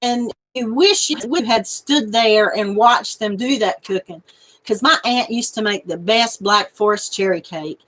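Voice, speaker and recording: A woman's voice: mid-range voice, measured pace, a bit bright. A woman hosting a crochet channel, chatting casually with viewers and laughing and snorting often. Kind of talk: casual live chat reading viewer comments.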